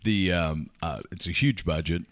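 A man with a very low voice hosts a relaxed podcast chat, steering the conversation and tossing in wordplay. The recording is dry and close, with no room sound. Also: normal speed, dry recording. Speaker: podcast host. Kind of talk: casual chat.

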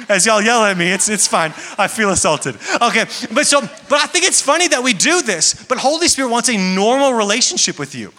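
A man's voice: extremely high pitch, very animated, fairly quick, hardly any pauses, pushed and bright. A young man preaching to a church congregation, talking casually and joking. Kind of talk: sermon. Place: large church hall. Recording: echoey hall with long reverb.

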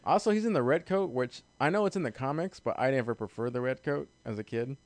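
A man co-hosting a casual chat, talking in crude, quick bursts and restarting his sentences. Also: medium pitch, no echo. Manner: fast, crude, cuts himself off and restarts.

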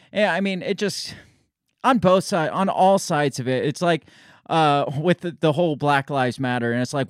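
A man's voice: fairly high pitch, normal speed, smooth, dry recording, clean studio sound. A man hosting a podcast, talking in a casual rambling rant full of restarts, fillers and sarcastic asides. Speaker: podcast host. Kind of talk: casual ranting monologue.

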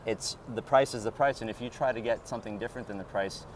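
A man's voice: on the low side, quick pace. A Canadian man hosting a walking interview on a city street, rambling with many fillers and slightly out of breath. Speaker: podcast host. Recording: faint traffic noise outdoors.

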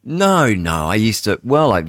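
A man, hosting talk radio in a chatty, rambling way, reading headlines aloud and thinking out loud. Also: on the low side, no room sound, clean studio sound. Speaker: radio host. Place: radio studio.

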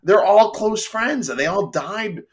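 A man co-hosting a podcast in casual chat, telling animated stories, laughing often and mimicking people's voices. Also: high voice, unhurried. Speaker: podcast co-host.

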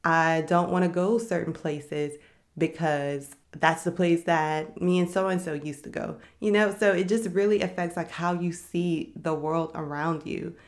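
A woman's voice: fairly low pitch, steady tone, unhurried. A young adult woman hosting a faith-based podcast, speaking candidly and reflectively about her own experience. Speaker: podcast host. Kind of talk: faith-based personal talk.

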